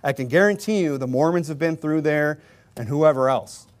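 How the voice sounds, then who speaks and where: A middle-aged male pastor with a slightly high voice delivers a sermon in a relaxed, conversational manner. He acts out little doorstep exchanges and pokes fun at himself. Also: normal speed. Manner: conversational preaching with acted-out doorstep dialogue; self-deprecating humor, chuckles often.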